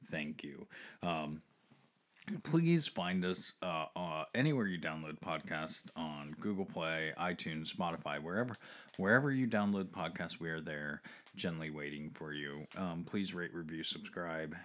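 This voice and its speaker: Deep-voiced rambling male podcast host. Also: unhurried, a bit bright. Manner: rambling, laughs often, repeats words. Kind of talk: casual podcast chat. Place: home basement studio.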